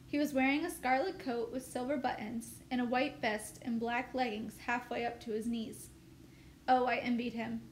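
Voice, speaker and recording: A woman teacher reading a novel aloud with steady, expressive storytelling. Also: sits high. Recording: echoey room, faint noise.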